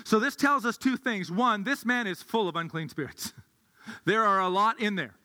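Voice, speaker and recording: A man's voice: high voice, normal speed, pushed and bright. A male pastor giving a sermon in a conversational way, thinking aloud with restarts, heard in an echoey hall.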